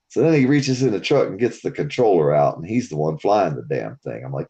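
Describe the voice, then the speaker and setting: A man's voice: sits low, sing-song, brisk, few pauses, warm tone, breathy edge. Profane storytelling man, dull lo-fi audio. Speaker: stream host. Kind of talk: casual storytelling chat.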